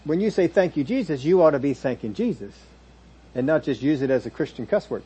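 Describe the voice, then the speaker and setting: A man with a husky, slightly high voice delivers a sermon in a plain conversational teaching manner. He breaks off now and then to mimic churchgoers in short quoted asides. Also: animated, a little fast, dark tone. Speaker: preacher.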